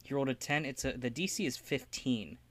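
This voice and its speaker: A man playing a tabletop game, talking in an excitable, casual way. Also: mid-range voice, brisk. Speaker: player.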